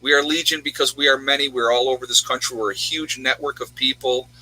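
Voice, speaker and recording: Bright-voiced man hosting a livestream. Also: medium pitch, steady tone, fast talker, low-quality recording. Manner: rambling, reads out viewers' locations. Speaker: livestream host. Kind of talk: casual livestream chat.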